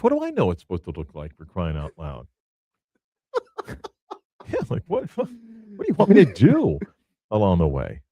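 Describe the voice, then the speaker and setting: Lively male sports radio host. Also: lowish voice, no room sound. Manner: animated, laughing storyteller. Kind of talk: sports talk radio chat. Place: radio studio.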